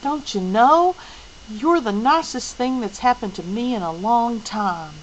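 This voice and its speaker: Gentle teasing teen boy, read by a woman, lively voice. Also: on the high side, measured pace, a little hiss or hum, pitched above the performer's own voice, rough recording.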